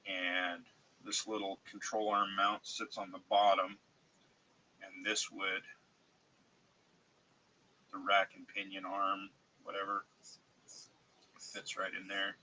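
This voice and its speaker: A man with a cold talks slowly and haltingly on a live stream, sounding congested. His voice is rather low and very bright and forceful in tone. A faint hiss of background noise sits under the close desk mic. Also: monotone, low-quality recording. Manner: slow, halting, with many restarts and fillers. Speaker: streamer showing 3D-printed model car parts. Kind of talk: casual live-stream chat.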